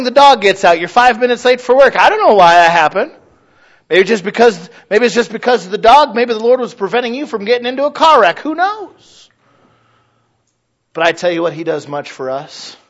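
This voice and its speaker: At a church service, a high-voiced pastor speaks conversationally to his congregation, shifting between quiet asides and loud exhortation as he acts out prayers and recalled conversations. The recording has its highs cut off.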